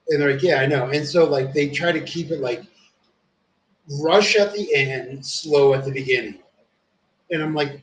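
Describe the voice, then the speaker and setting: A man's voice: a little high, normal speed. A man streaming, telling long rambling stories in casual chat, full of swearing and fillers. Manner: rambling, profane storytelling with many fillers. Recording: echoey room with faint ambient noise.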